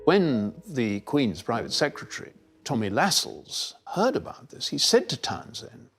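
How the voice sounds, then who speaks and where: A man commenting in a documentary interview with animated, opinionated storytelling. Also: medium pitch, moderate pace, few pauses, husky. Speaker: royal commentator.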